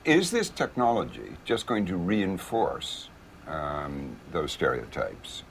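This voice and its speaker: A man's voice: deep voice, huge pitch swings, slow, vocal fry, a little hiss or hum. A male interviewer asking thoughtful, probing questions.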